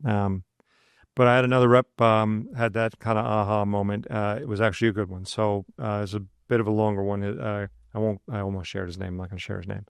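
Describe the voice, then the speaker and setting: A man co-hosting a podcast with a gravelly, somewhat low voice, telling anecdotes in a loose, chatty way. He acts out the back-and-forth of the dialogue in his own voice, with plenty of asides. The recording is dry and close. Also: little pitch movement, a little fast, dry recording. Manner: loose and conversational, with frequent asides. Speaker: podcast co-host. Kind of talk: casual storytelling chat.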